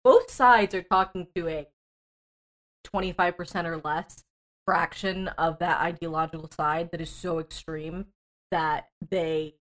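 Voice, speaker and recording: A woman in casual political chat, reasoning through her points in a measured way. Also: on the low side, steady tone, a bit bright. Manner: measured, reasoning aloud, laughs lightly.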